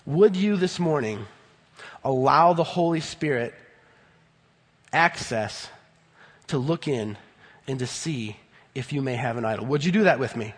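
A man in his thirties preaching a sermon in a church, emphatic, swinging between loud bursts and low, earnest tones. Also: expressive, unhurried, pauses often, breathy edge. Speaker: pastor. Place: church sanctuary. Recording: long hall reverb.

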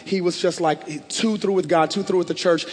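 A male pastor delivers a passionate sermon at normal speed, his fairly high voice mostly even in intonation but swelling into loud declarations. A long reverb makes it sound like a large church sanctuary.

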